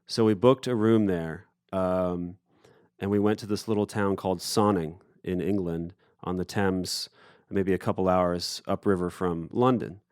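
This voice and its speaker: A man from Appalachia, a musician telling a story in a casual interview, relaxed and full of fillers. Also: sits low, measured pace, clear, resonant tone, no echo, studio quality. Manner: relaxed anecdotal, with fillers and acted-out quotes. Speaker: musician guest. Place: festival recording booth.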